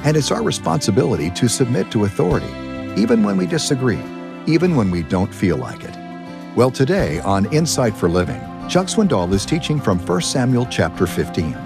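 A man reading a scripted radio introduction in a measured announcing manner. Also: mid-range voice, big pitch swings, vocal fry. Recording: music bed under the voice.

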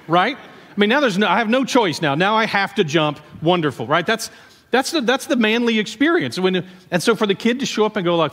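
A man preaching a sermon, telling the story in a conversational, animated way with asides to the congregation. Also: high-pitched, brisk, big-room sound. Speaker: pastor.

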